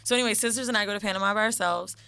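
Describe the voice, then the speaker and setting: A woman's voice: medium pitch, rapid-fire, bright, forceful tone, smooth, no room sound. A woman co-hosting a podcast and telling a story in casual chat, frank and profane, acting out other people's lines. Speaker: podcast co-host.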